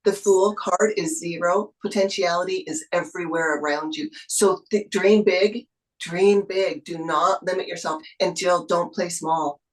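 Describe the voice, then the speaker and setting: A woman's voice: fairly low pitch, steady tone, measured pace, rough recording. A woman tarot reader giving an intuitive reading over a video call, soothing and encouraging, with spiritual phrasing.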